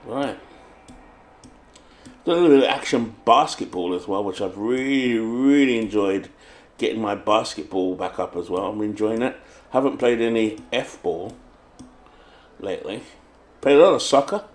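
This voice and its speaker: A man's voice: lowish voice, moderate pace, long pauses. A man with a British accent hosting a tabletop baseball game, chatting casually while setting up and reading out the lineups like a play-by-play announcer.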